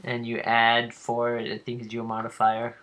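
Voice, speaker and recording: A man running a tabletop game as game master, describing the scene in an unhurried way with frequent ums. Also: medium pitch, completely flat delivery, a bit bright.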